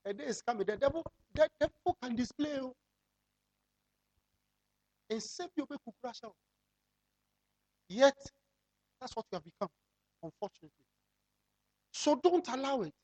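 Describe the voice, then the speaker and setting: Animated preacher. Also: high voice, slightly rough. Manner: animated, fires rhetorical questions at the congregation; drawls key phrases slowly for emphasis. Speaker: pastor. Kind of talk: sermon.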